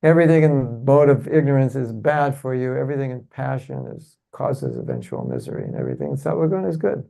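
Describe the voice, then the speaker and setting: A man's voice: medium pitch, big pitch swings, fast, gravelly, few pauses, dark tone. A man teaching a devotional seminar to a live audience, often asking rhetorical questions and leading the room in repeating phrases. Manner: rhetorical, keeps asking "isn't it?"; leads the audience in call-and-response. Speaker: seminar speaker. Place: temple hall with an audience.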